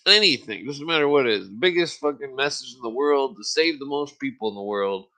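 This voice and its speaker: A man hosting a podcast, ranting in a casual, profanity-laced monologue and often clearing his throat. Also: medium pitch, animated, a little fast, bright, forceful tone. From United States. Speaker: podcast host. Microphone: podcast microphone.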